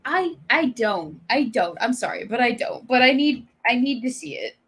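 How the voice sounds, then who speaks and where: A woman co-hosting a casual talk show, skeptical and dry, with a husky voice. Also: a little high, animated, moderate pace, fairly bright tone. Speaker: podcast co-host. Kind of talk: casual chat.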